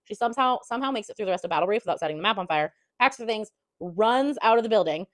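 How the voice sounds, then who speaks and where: A woman's voice: medium pitch, expressive, very fast, dry recording, clean studio sound. A woman giving a casual chapter recap as a book reviewer, chatty and profane with lots of fillers.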